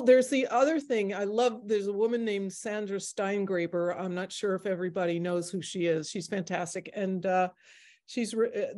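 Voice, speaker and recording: A woman's voice: medium pitch, a little mellow. A woman in her sixties, the artist presenting her work, talking in a rambling, chatty way with many fillers. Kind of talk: casual Q&A discussion.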